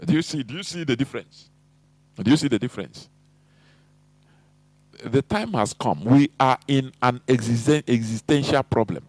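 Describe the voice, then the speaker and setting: A Nigerian man giving a fiery political monologue, full of rhetorical questions and halting restarts. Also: mid-range voice, lively intonation, a little mellow, no echo. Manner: halting with restarts and repeated words. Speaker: activist commentator.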